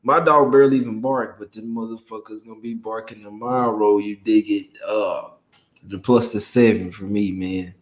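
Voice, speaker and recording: A man's voice: fairly low pitch, steady tone, moderate pace, echoey room, rough recording. Slangy, laid-back male stream host. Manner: slangy, laid-back banter, greets chat by name. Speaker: sports betting livestream host. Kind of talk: casual livestream chat.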